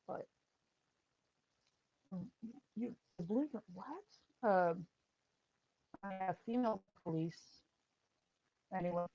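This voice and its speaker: Woman, middle-aged, low gravelly voice, casual livestream host, animated storytelling, dry lo-fi sound. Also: no echo. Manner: animated storytelling, repeats phrases, answers chat. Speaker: livestream host, firearms instructor, former paramedic.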